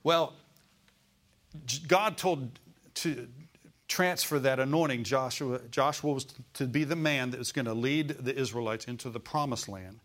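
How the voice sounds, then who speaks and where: A man's voice: medium pitch, a little slow. Folksy older male preacher. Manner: folksy, digressive, rises to loud emphatic scripture quotes. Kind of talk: sermon.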